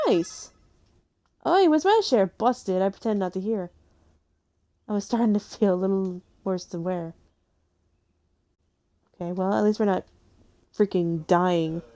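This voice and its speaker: A woman's voice: medium pitch, warm tone. A woman streamer reading a game's story aloud, breaking off for playful, chatty asides. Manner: playful, chatty asides between read lines. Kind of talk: casual read-aloud with asides.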